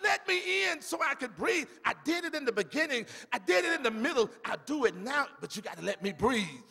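A loving, urgent God voiced by a preaching man pleads again and again to be let in, his high, gravelly voice insistent. The words echo with a long church reverb. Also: big pitch swings, a little fast, bright, forceful tone, exaggerated voice. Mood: pleading.

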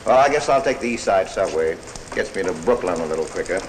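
An actor playing a shy, lonely middle-aged cashier who stammers and hesitates, in a 1940s film. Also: male voice, deep voice, animated, fast talker. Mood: bashful. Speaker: timid cashier. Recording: old film audio with noise.

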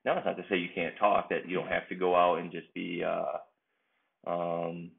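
A man's voice: low-pitched, little pitch movement, normal speed, creaky. A man coaching and hosting a motivational solo podcast, talking in an earnest, reflective way with frequent fillers. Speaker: baseball coach and podcast host. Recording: tinny phone-like sound.

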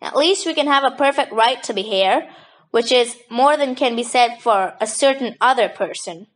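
A woman reading an audiobook and voicing a brisk, teasing, down-to-earth young woman. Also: on the high side, animated. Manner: brisk, teasing, matter-of-fact. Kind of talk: audiobook character voice.

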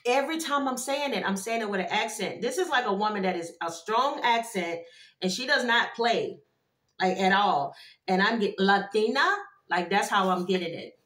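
A woman doing a casual tarot card reading for her viewers, animated and chatty, with frequent exclamations. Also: medium pitch, moderate pace. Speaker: tarot reader. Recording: echoey room.

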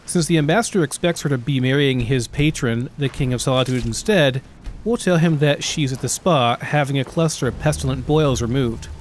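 A man voicing a calm, wry, diplomatic prince while reading a game book aloud. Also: medium pitch, brisk, slight background noise, natural voice. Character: smooth diplomatic adult prince, wry and scheming.

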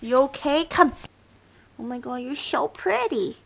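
A woman's voice: high-pitched, measured pace, vocal fry, poor audio. A woman vlogging casually, cooing at puppies in baby talk and often gasping and laughing. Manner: excitable, gasps and laughs often. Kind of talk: casual vlog.

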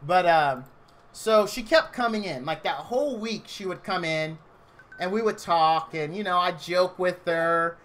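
Bright-voiced male streamer telling a story. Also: sits high, measured pace. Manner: rambling and chatty, heavy on "like". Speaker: game streamer. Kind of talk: casual storytelling on a live stream.

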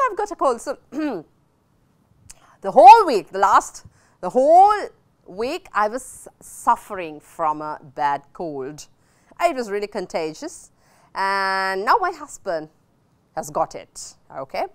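A woman's voice: fairly high pitch, sing-song, normal speed. A middle-aged woman with a Sri Lankan accent teaching English on a TV lesson, drilling phrases over and over and switching into Sinhala.

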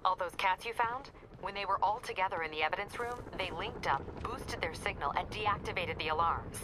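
Fields: brisk police captain on a noisy line, voiced by a woman. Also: medium pitch, natural voice. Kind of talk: video game voice acting.

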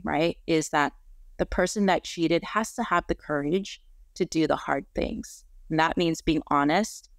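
A woman's voice: sits low, dry recording, clean studio sound. A woman therapist explaining things earnestly in an interview, often checking in with "right?". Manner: frequent "right?" tag questions, earnest and explanatory. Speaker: marriage and family therapist, guest. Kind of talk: conversational interview.

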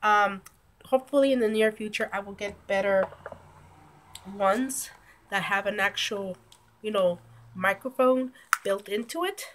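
A YouTube vlogger with a medium-pitched, slightly bright voice opens her video casually, speaking a little slowly with long pauses over faint hiss or hum. She's sick, with a nasal cold and some breathlessness, and she rambles chattily to viewers, correcting herself as she goes.

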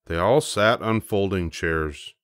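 An older man reading a children's storybook aloud, slow and gentle. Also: deep voice, no room sound, clean studio sound. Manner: slow, gentle, measured narration. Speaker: storybook reader. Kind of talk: bedtime story read-aloud.

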